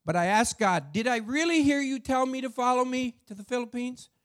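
A middle-aged man telling a church testimony story, acting out the dialogue with lively feeling. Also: very high voice, a little fast. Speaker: church speaker sharing a testimony.

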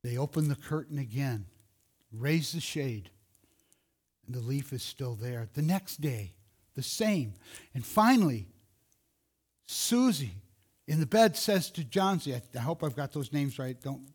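A man with a plain middle-pitched voice tells a story in an easy, rambling way. He restarts often and corrects himself as he goes, and the talk was recorded outdoors. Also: expressive, moderate pace, darkish tone, husky. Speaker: speaker telling a closing story. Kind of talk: informal storytelling.

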